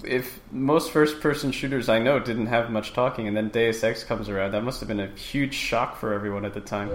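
A man adds dry, wry remarks to a casual chat about games. His voice sits at a middle pitch, and the roomy recording carries a faint hiss and occasional clicks in the background. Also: steady tone, fairly quick.

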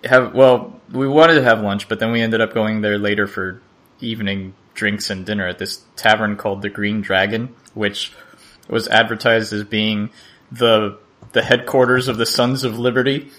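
A man co-hosting a podcast, chatting casually in a rambling, halting way and laughing often. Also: lowish voice, fairly even intonation, a bit bright. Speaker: podcast co-host. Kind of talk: casual chat.

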